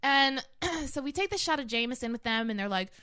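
A young woman co-hosting a podcast, telling a night-out story with a lively, laughing manner and casual swearing. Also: high-pitched, fairly quick, a crowd in the background. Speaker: podcast co-host.

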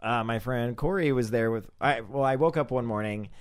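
A man's voice: mid-range voice, normal speed, clean tone. A man telling rambling, profane stories in casual podcast chat. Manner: crude, profane, rambling anecdotes.

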